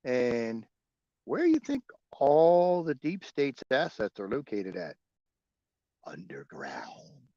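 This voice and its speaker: A man's voice: a little high, wildly swooping pitch, takes it slowly, mellow, dry recording, highs cut off. A man hosting a livestream, chatting casually and profanely with viewers and chuckling often. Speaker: livestream host.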